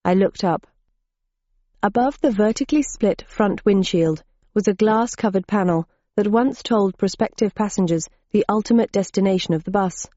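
Mellow woman narrating an audiobook. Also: mid-range voice, moderate pace, no room sound, muffled recording. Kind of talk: scripted first-person audiobook narration.

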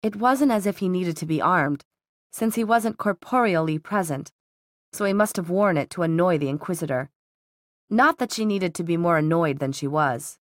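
Her fairly low voice carries a scripted audiobook narration at a moderate, even pace, told in a steady storytelling style. The sound is clean studio quality with no room sound.

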